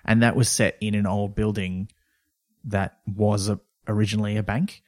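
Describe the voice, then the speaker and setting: A young adult man co-hosting a podcast, chatting casually and getting animated. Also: moderate pace, no room sound, clean studio sound. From Australia. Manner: animated, pitch jumps up when excited. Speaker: podcast co-host. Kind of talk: casual chat.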